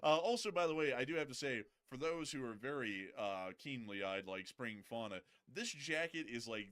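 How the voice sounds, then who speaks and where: A man's voice: mid-range voice, lively intonation, normal speed, a bit bright. Male stream host, mid-range voice, casual news commentary, cracks jokes, lots of fillers. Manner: joking, loose and chatty, with frequent fillers.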